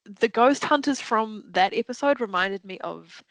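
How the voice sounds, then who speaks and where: A woman co-hosts a casual podcast, retelling stories with lively, animated flair and voicing the people she quotes. She swears freely as she talks. The recording is dry and close, with no room sound. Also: on the high side, moderate pace, no echo, poor audio. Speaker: podcast co-host. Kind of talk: casual chat.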